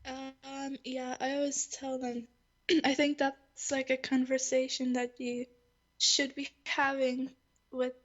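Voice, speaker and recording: Woman, hesitant giggly guest, high voice, dull lo-fi recording. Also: monotone, slow pace. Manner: hesitant, brief answers, giggly. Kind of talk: casual chat. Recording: dull lo-fi audio.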